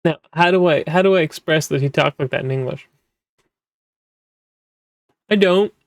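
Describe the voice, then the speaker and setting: A man's voice: on the high side, normal speed, dry recording, studio quality. A man who works as a manga translator, talking casually and rambling with many fillers and restarts. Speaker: manga translator, podcast host. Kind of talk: casual explanatory talk.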